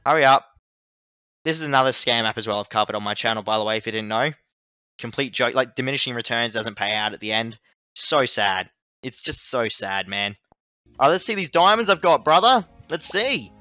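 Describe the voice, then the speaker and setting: Bright, ranting man. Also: medium pitch, brisk, no room sound, highs cut off, faint music behind. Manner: exasperated, ranting, swings loud and excited. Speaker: app reviewer. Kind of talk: screen-recorded app review vlog.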